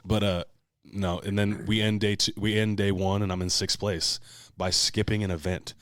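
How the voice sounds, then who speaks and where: A man hosting a casual podcast, telling a competition story with lots of swearing, and loudly acting out what he shouted. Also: fairly low pitch, moderate pace, dry recording, clean studio sound. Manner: animated storyteller, swears a lot, shouts out quoted lines. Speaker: podcast host. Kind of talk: casual chat.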